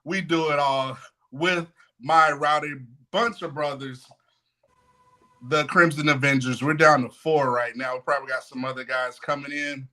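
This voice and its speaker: Man, podcast host, joking hype delivery, bright voice, slightly high. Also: fairly even intonation. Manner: hype, joking, drawn-out emphasis. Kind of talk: lively sports podcast chat.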